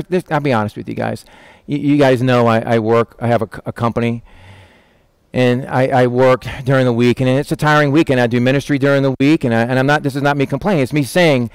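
A middle-aged man, a pastor, giving a lively conversational sermon and acting out quotes in passing. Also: mid-range voice, no echo. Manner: animated, conversational preaching with acted-out quotes.

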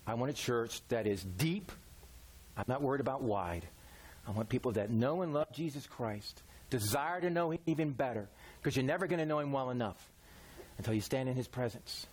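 A man's voice: medium pitch, animated, normal speed, darkish tone, breathy edge. A man preaching a sermon in a folksy, conversational way, using everyday examples. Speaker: pastor.

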